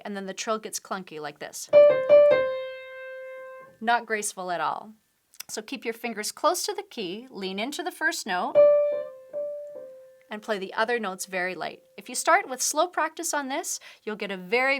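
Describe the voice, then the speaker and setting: A woman piano teacher giving a patient, step-by-step tutorial, explaining techniques while she demonstrates at the keyboard. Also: a little high. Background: piano playing.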